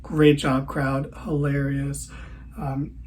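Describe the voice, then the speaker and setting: Tired podcast host, sarcastic and rambling, average pitch. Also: male voice, monotone, slow pace, a little mellow, slight background noise, rough recording. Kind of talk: casual sarcastic wrestling recap.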